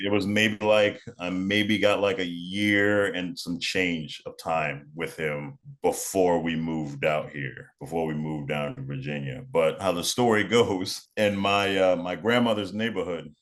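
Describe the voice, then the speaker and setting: Low-voiced man telling a story. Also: normal speed, hardly any pauses, a bit bright. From New York. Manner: laid-back, repeats and restarts phrases, cusses. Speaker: podcast guest. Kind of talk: storytelling in a casual interview.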